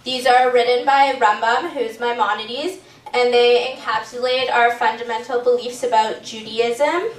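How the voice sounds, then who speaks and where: A woman's voice: fairly high pitch, steady tone, measured pace. A woman hosting an event, announcing the next speakers and explaining each part, recorded in a hotel function room. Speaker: event host. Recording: echoey hall from far off.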